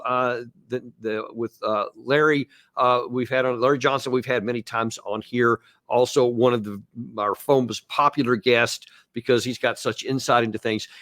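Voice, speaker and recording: A man's voice: medium pitch, a bit bright, dry recording, clean studio sound. A man hosting an online political talk show who rambles and hesitates, with lots of fillers, and gets worked up. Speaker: host.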